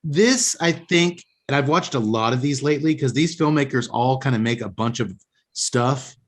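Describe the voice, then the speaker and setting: A man's voice: mid-range voice, lively intonation, moderate pace. A man hosting a casual podcast chat, rambling and opinionated with frequent restarts. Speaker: podcast host.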